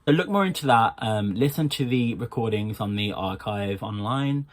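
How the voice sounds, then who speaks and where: A man's voice: on the low side, animated, moderate pace. A man with a Birmingham accent giving a casual accent tutorial, talking loosely with lots of ums and stopping to demonstrate sounds. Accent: Birmingham English. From England. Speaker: accent coach.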